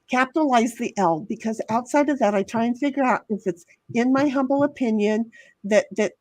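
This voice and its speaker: A woman's voice: fairly high pitch, a little fast, darkish tone, no echo, studio quality. A woman hosting a casual livestream, chatting with her viewers in a rambling, profane way full of restarts. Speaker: livestream host reading chat.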